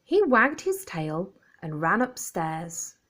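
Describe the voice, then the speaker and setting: Reading slowly and without hurry, a female storyteller shares a picture book with young children. She speaks clearly and expressively, and her pitch bounces up and down in a lively, lilting way.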